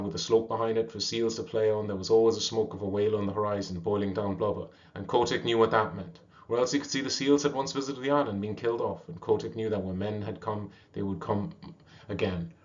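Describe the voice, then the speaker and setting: A man reading a classic animal story aloud at a steady pace, with small slips and restarts. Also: fairly low pitch. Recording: dull lo-fi recording.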